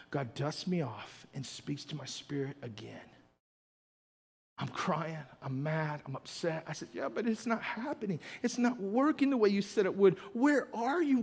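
A man preaching a sermon as pastor, fervent, building up loud and calling out to his church. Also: medium pitch, slightly rough. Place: church sanctuary. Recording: long hall reverb.

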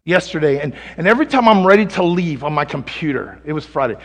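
A man preaching a sermon in a conversational style, calling for amens and swinging from loud peaks to low asides. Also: big pitch swings, quick pace, hardly any pauses. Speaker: pastor. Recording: long hall reverb.

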